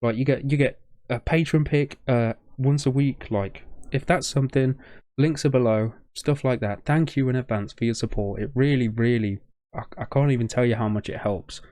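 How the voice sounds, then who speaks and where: A man's voice: mid-range voice, moderate pace, darkish tone, dry recording, clean studio sound. A young man hosting a reaction video, choked up with a shaking voice, rambling and stumbling over his words in casual commentary.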